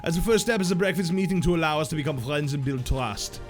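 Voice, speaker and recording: A man's voice: mid-range voice, level tone, very slow, fairly bright tone, soft background music, pitched below the performer's own voice. A man voicing a stiff, rule-loving young male class monitor in a video game, with a mock German accent and a formal, commanding manner.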